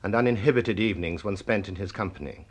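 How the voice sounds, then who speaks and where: Male narrator, slightly low, composed and formal link narration. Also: quick pace. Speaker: documentary narrator. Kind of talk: scripted narration.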